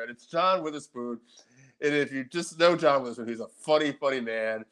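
A male podcast co-host in loose, rambling chat. His voice sits at a middle pitch, and he keeps breaking into laughter and casual swearing. The talk drifts from one memory to the next. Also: fast talker, a bit bright.

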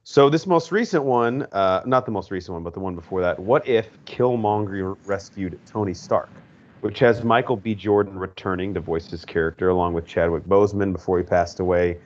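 A man's voice: low voice, brisk, dull audio. A man hosting a podcast, chatting enthusiastically in a casual way with frequent fillers. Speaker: podcast host. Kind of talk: casual chat.

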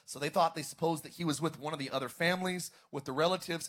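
Pastor, male, somewhat high voice, preaching with call-and-response to his congregation. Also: fast talker, hardly any pauses, a bit bright. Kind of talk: sermon. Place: church service, streamed online.

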